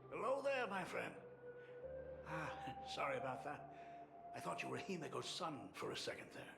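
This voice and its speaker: A man's voice: fairly high pitch, sing-song, measured pace, gravelly, long pauses, heavily acted. An actor playing a teasing older male painter who is an estranged father, with a playful, chuckling manner. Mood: jovial. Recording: echoey game audio with loud music.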